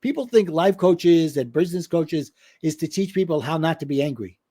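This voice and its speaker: A middle-aged life and business coach tells a personal story during a podcast interview, animatedly acting out the voices of the people involved. His voice sits on the high side and moves at a normal speed.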